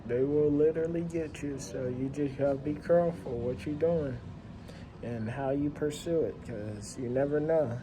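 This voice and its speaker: A man hosting a reaction video, giving viewers casual advice in a relaxed, talking-to-you manner. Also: a little high, moderate pace, far from the mic. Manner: relaxed, advising viewers directly. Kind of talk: casual commentary. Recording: roomy, off-mic with faint noise.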